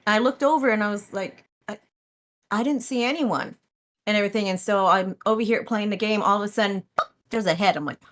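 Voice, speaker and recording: A woman guest on a podcast, telling stories about streaming in a casual, animated way, acting out her own reactions and laughing often. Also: medium pitch, brisk. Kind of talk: casual interview chat.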